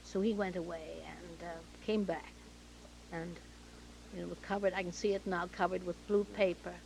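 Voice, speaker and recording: A woman's voice: on the low side, normal speed, vocal fry, a little hiss or hum, low-quality recording. A woman from Canada, interviewed about her career, who tells anecdotes vividly and acts out the dialogue of the people in them. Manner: lively storyteller acting out quoted dialogue. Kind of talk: anecdotal storytelling.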